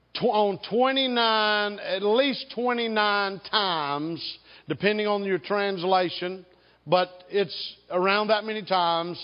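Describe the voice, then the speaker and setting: Slow, emphatic preacher in a reverberant hall. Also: male voice, sits high. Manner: slow, emphatic, draws out key words; leads congregation in call and response. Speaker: pastor. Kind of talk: sermon. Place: church sanctuary. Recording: dull sound with long hall reverb.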